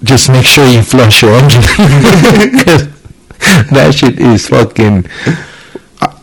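Gravelly, profane young man telling stories. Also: medium pitch, slow pace, slight background noise, rough recording. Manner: profane, animated storyteller acting out quotes. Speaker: podcast co-host. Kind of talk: casual chat.

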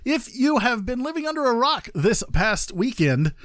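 A man's voice: extremely high pitch, big pitch swings, normal speed, a bit bright, no echo, studio quality. A man hosting a casual gaming podcast, joking and rambling with lots of fillers. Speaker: podcast host.

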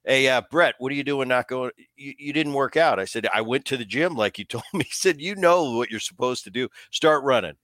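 A man's voice: medium pitch, brisk, few pauses, a bit bright, no room sound. A middle-aged man telling stories in casual podcast chat, acting out quoted dialogue. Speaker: podcast co-host, former ballplayer.

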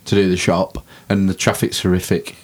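Husky, low-voiced man chatting. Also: flat delivery, normal speed. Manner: chatty, swears freely, laughs often. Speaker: podcast co-host. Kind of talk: casual chat.

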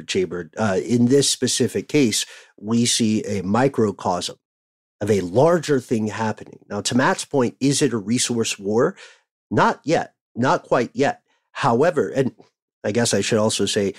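A man co-hosting a podcast in casual chat, explaining at length and laughing often. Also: fairly low pitch. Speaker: podcast co-host.

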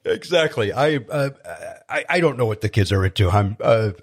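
A man from Chicago, a guest comedian, telling stories in casual chat, animated and self-deprecating with many restarts. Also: fairly low pitch, moderate pace. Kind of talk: casual storytelling.

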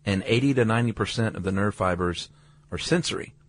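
A man's voice: on the low side, fast talker. A man co-hosting a podcast, chatting casually about science with wry, joking asides. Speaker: podcast co-host.

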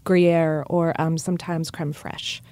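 A woman's voice: low-pitched, flat delivery, slow, warm tone, no room sound. A woman co-hosting a casual podcast, chatty and folksy, often restarting her sentences. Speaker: podcast co-host. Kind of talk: casual chat.

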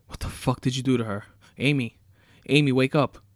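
A man reading a horror story aloud, voicing a terrified, furious captive man who yells in panic. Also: mid-range voice, steady tone, moderate pace, no room sound, clean studio sound, pitched above the performer's own voice, natural voice. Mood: panicked. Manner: yelling, panicked.

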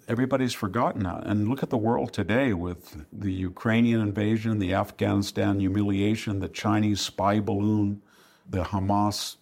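An older man with a low, gravelly voice makes his case in a podcast interview. He argues emphatically and fluently and slips into quick quoted asides. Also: darkish tone. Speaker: historian guest.

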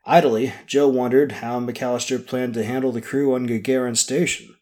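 A man's voice: medium pitch, fairly even intonation, moderate pace, dark tone. Man reading an audiobook steadily. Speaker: narrator. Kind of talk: scripted audiobook narration.

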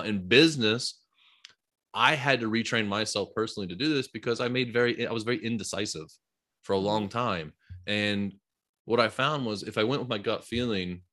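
Lively low-voiced man hosting a chat. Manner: animated storyteller, lots of fillers. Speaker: podcast host; parent with business background. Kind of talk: casual conversation.

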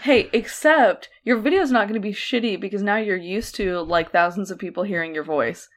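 A woman's voice: medium pitch, normal speed. Woman co-host, chatty and giggly, casual home podcast talk. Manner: giggly, chatty, uses lots of "like". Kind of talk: casual chat. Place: apartment.

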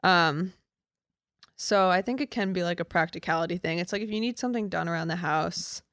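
A young woman co-hosting a podcast from a home setup, in casual chat full of quick jokes and asides. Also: fairly low pitch, fairly bright tone, no room sound, clean studio sound. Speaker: podcast co-host.

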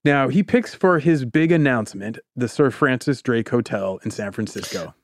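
A man's voice: medium pitch, normal speed, dry recording, clean studio sound. A man hosting a podcast, telling a story in casual chat and acting out the quotes of the people in it. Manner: animated, acts out quotes. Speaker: podcast host.

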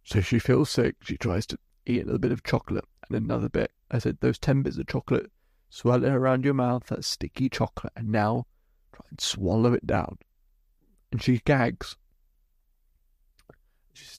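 A man's voice: medium pitch, steady tone, moderate pace, creaky, a little mellow, no room sound, studio quality. A man hosting a podcast as a hypnotherapist, telling a client's story in vivid detail and acting out both sides of the conversation. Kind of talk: storytelling monologue.

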